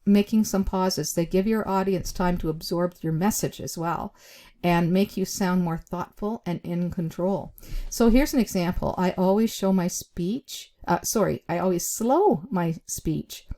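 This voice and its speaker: A woman teaching job interview skills to camera in a deliberate, chatty way, with emphasized words, short pauses and frequent fillers. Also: lowish voice, warm tone. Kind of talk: instructional talk to camera.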